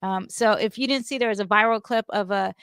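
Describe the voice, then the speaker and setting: A woman giving a casual astrology and tarot reading, chatty and animated, with many fillers and asides. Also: medium pitch, fairly quick, clear, resonant tone, no room sound, studio quality.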